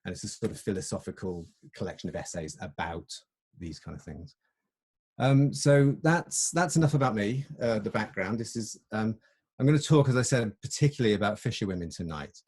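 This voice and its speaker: A middle-aged man with a low, mellow voice gives a reflective presentation talk. His tone is slightly husky, and he often circles back and restarts his sentences as he thinks aloud. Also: expressive, a little fast. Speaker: photographer giving a talk.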